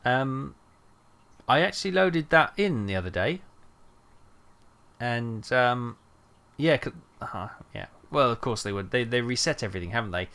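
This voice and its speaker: A man's voice: medium pitch, animated, normal speed, vocal fry, a bit bright, smooth. A man streaming a trucking game, rambling and thinking aloud with lots of fillers. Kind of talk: casual gameplay chat.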